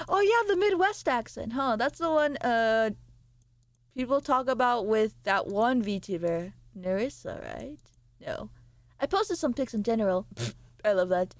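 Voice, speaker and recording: A woman's voice: a little high, lively intonation, measured pace, no echo. A woman streamer chatting casually with her live chat, swearing and laughing as she reacts to messages.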